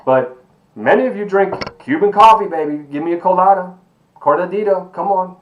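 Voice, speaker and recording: A man teaching an online sociology lecture, animated and emphatic, asking rhetorical questions and calling his students baby. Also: sits high, normal speed, phone-quality sound. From Miami. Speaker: sociology professor.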